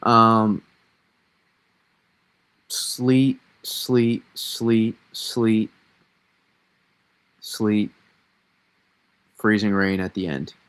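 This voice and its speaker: A man with a Massachusetts accent hosting a casual live weather analysis, thinking aloud in a halting way with many fillers. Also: lowish voice, steady tone, fairly bright tone, smooth. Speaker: weather stream host.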